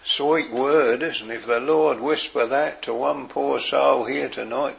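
A man preaching a sermon in an earnest way, dropping his voice softly for quoted words. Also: medium pitch, steady tone, gravelly. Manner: slow, earnest preaching with soft, quiet quoted phrases.

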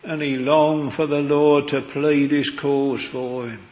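A man's voice: fairly high pitch, little pitch movement, takes it slowly, a little mellow. A man preaching a sermon in an earnest, old-fashioned manner, quoting scripture, recorded in a chapel. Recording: echoey hall with long reverb.

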